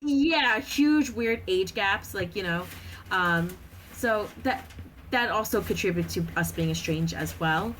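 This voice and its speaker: A woman's voice: mid-range voice, animated, slow, a bit bright, a little hiss or hum, poor audio. A woman in her thirties, a podcast guest chatting casually with lots of fillers and frequent laughter.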